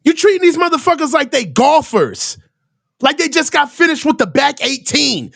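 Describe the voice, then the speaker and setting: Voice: sits high, wildly swooping pitch, normal speed, creaky, a bit bright, dry recording. Heated, profane sports-show host. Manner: heated, sarcastic, swears a lot, mocks reporters in put-on voices. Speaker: live reaction show host.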